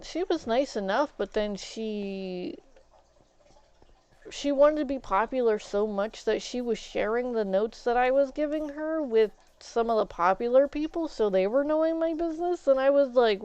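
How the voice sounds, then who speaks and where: A woman's voice: fairly high pitch, moderate pace, clean tone, dry recording. Rambling young woman telling a story. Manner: rambling, animated retelling with quoted exchanges. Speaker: streamer. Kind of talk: casual storytelling while gaming. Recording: dull lo-fi stream audio.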